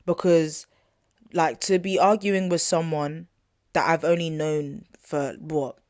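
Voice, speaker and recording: A woman's voice: deep voice, steady tone, slow, darkish tone, no room sound, studio quality. A young woman hosting a podcast, telling a personal story in a chatty, slangy way, full of asides and "not gonna lie" fillers. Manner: indignant, retelling an argument. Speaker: podcast host. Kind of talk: casual storytelling to listeners.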